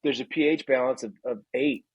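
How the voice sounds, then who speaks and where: A man in his thirties rants through a casual podcast chat and laughs at his own jokes. His voice is husky and sits at a middle pitch. The sound is dry and close. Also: steady tone, a little fast, no room sound, rough recording. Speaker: podcast co-host.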